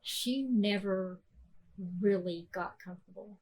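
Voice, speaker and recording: A woman, hosting a podcast and telling a personal story softly, with many fillers and restarts. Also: medium pitch, slow, poor audio. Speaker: podcast host.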